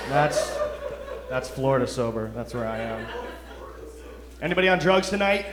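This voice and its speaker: Self-mocking young comic on a club stage. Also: male voice, medium pitch, sing-song, normal speed, pauses often, heavy background noise. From Detroit. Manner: loose, self-mocking, chuckles through lines. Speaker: stand-up comic. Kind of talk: stand-up set. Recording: roomy club sound.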